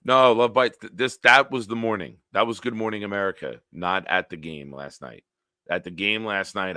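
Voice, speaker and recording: A man hosts a casual sports live stream and rants freely, swearing often. His voice sits fairly low but comes across hard and forceful. The sound is dry and close, with no room around him. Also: dry recording. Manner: profane, riled-up ranting; answers live chat comments. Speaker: sports talk show host.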